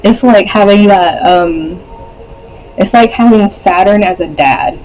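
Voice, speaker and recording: A man's voice: sits high, a little slow, a little mellow, a little hiss or hum, poor audio. A man doing a casual pick-a-card tarot reading, rambling with many fillers, swearing and laughing often. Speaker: tarot reader.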